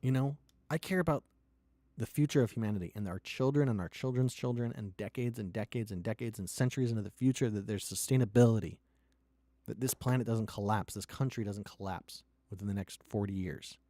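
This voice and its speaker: A startup founder ranting and pitching with heavy swearing, swinging from loud outbursts to low, quiet lines. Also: male voice, a little fast, no echo. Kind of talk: impassioned profane rant and pitch.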